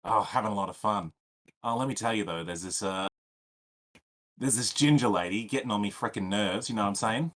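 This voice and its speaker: A man's voice: fairly low pitch, brisk, a bit bright. A man playing a grumbling, laid-back male ranger in a tabletop game.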